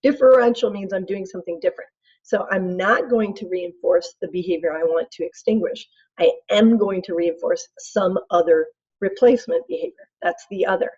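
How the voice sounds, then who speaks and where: A woman's voice: mid-range voice, moderate pace, a little mellow, breathy edge, dull audio. A middle-aged woman instructor giving a casual, chatty recorded lecture and acting out her examples.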